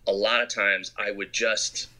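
A man's voice: fairly low pitch, measured pace. A man from Arizona, a film director, telling anecdotes in an interview and acting out quotes. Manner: animated storyteller who acts out quotes.

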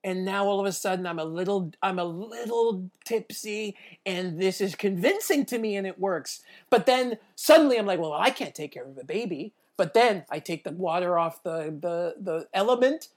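A woman improvising a comic product pitch, telling it as a playful story with deadpan asides. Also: normal speed, few pauses.

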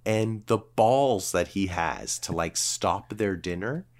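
A man's voice: low-pitched, slow pace. A man telling a rambling story in casual chat, full of fillers and swearing. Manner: swearing, filler-heavy, animated retelling.

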